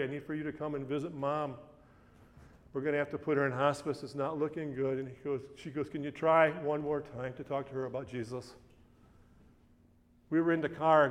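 Pastor telling a story in a reverberant church. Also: male voice, fairly high pitch. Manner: conversational storytelling, often restarts phrases. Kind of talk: sermon with a personal story.

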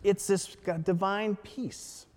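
A man preaching a sermon as a pastor, quoting scripture in a slow, deliberate way. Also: high-pitched, fairly even intonation, a little mellow, long reverb tail.

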